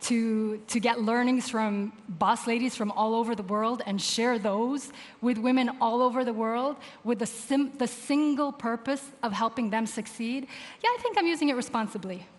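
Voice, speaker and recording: A woman podcast host speaking on a panel, enthusiastic and quick, short of sleep and jet-lagged. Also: on the high side. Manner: enthusiastic, quick, laughing easily. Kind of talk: panel conversation. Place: large conference hall. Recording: reverberant hall.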